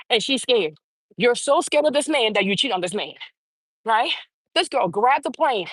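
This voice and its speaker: A woman with a high, husky voice rants on her own commentary show. She is fired up and profane, hammering her points home by repeating lines. The sound is close and dry. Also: no room sound. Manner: heated, profane, repeats phrases for emphasis. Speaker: show host. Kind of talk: opinionated commentary rant.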